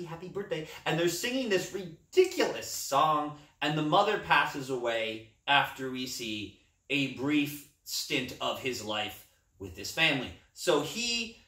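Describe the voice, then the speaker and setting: Excited man gushing about a film. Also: fairly high pitch. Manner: enthusiastic, rambling film gushing. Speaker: podcast co-host. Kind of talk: casual movie chat. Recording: echoey room, distant mic.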